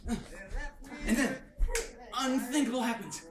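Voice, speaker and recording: A man's voice: very high voice, a little fast. Young man, hyper, laughing, sound effects, roomy echo, music behind. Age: young adult. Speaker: brother retelling a movie. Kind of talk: excited casual retelling. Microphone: phone held by his sister. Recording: roomy and far from the phone, with music.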